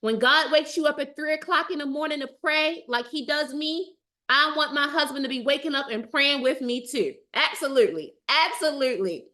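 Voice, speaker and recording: Bright-voiced, high-pitched, emphatic woman. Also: moderate pace. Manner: emphatic and enthusiastic, repeats phrases for emphasis. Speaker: dating coach hosting a live stream. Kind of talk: casual live-stream talk, reading out and answering viewer comments.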